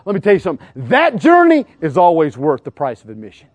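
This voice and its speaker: Talking very fast with hardly any pauses, a middle-aged male evangelist preaches in a slightly high voice, captured on a dry recording with the highs cut off. He's animated, quizzing his listeners and playing out scenes from everyday life.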